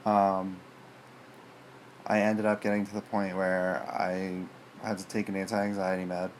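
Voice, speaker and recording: A man's voice: low voice, flat delivery, unhurried, pauses often, a little hiss or hum. A man telling a personal story to his viewers in a rambling, hesitant way, full of fillers and restarts. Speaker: vlogger.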